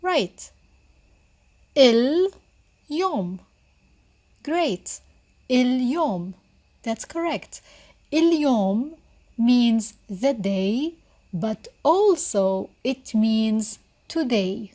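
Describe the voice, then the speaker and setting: Slow, patient woman teaching Arabic. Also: a little high, expressive, dark tone. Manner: slow, patient, repeats words for the learner. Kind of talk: beginner language lesson.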